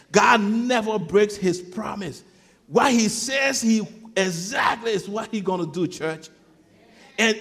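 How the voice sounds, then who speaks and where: A man preaching a sermon, swinging between shouted peaks and hushed storytelling, often repeating words as he gathers his thoughts. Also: high voice, vocal fry, breathy edge. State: sweating. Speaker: pastor. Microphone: clip-on mic.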